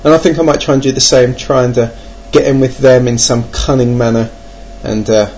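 A man's voice: medium pitch, fairly even intonation, brisk, a little mellow. An English man giving a rambling, self-mocking monologue about his gaming plans, with lots of hesitations. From England. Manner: wry, self-mocking, hesitant with many ums. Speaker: board game vlogger. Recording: dull lo-fi recording with faint noise.

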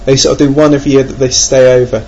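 Speaking at a racing clip, this man has a warm, medium-pitched voice with a flat delivery. He's an English board game vlogger poking fun at himself as he rambles, hesitating with many ums, about his gaming plans. Faint noise sits under a dull, lo-fi recording.

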